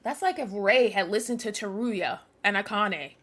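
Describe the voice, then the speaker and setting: A woman's voice: medium pitch, lively intonation, normal speed, a bit bright. A young woman streamer commenting live on a game, ranting angrily and swearing at the characters. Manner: angry, profane, ranting at characters.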